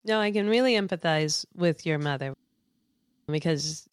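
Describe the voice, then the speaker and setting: A woman's voice: low-pitched, moderate pace, clear, resonant tone, dry recording, clean studio sound. A woman hosting an interview, affirming and encouraging toward her guest. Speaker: host. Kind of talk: interview conversation.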